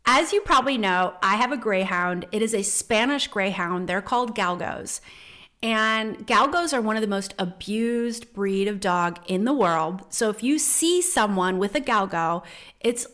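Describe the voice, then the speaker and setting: A woman hosting a spiritual podcast in a casual, earnest way. Her voice sits at a middle pitch, and her storytelling turns animated and heartfelt. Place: home in the Netherlands.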